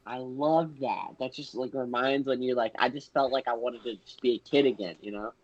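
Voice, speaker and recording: A man in casual podcast chat, speaking hesitantly and haltingly. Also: medium pitch, darkish tone, highs cut off.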